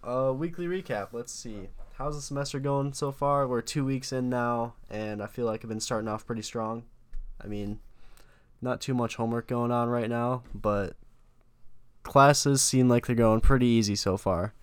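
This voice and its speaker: A man's voice: mid-range voice, normal speed, clean tone. A young man in his twenties, co-hosting a podcast, who asks questions and drops dry, sarcastic one-liners. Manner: dry, sarcastic asides and short reactions. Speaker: podcast co-host. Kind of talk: casual chat.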